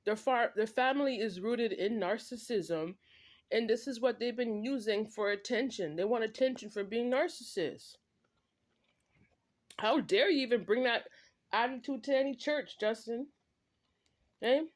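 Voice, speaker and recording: A woman's voice: on the high side, measured pace. Emphatic woman scolding in a vlog. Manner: emphatic, repetitive, full of "like" and "right?"; scolding someone directly, with short laughs. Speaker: vlogger. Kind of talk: direct-to-camera spiritual monologue.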